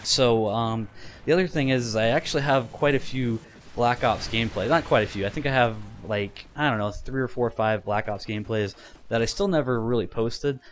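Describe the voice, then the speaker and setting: Talking over his gameplay, a twenty-something man chats loosely with his audience, stumbling through fillers, restarting sentences, and laughing a lot. His voice is mid-range and a little fast, with faint noise behind it.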